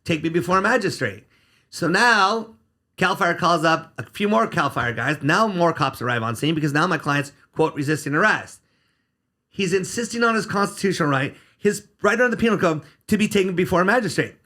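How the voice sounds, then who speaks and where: Male guest lawyer, blunt and sarcastic, with a bright, cutting delivery. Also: high voice, animated, a little fast. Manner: blunt, sarcastic, curses freely. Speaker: criminal defense attorney, podcast guest. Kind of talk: casual podcast interview.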